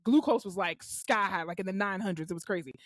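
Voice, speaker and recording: A young adult woman co-hosting a podcast, telling a work story in casual chat and acting out the quotes with loud swearing. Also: medium pitch, fast, no echo. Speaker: podcast co-host.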